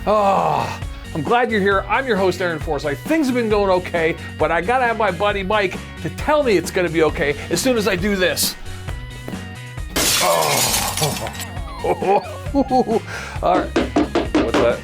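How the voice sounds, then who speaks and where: A man's voice: sits high, expressive, measured pace, creaky, over music. A man hosting a podcast in casual chat, jokey and rambling, laughing often. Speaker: podcast host.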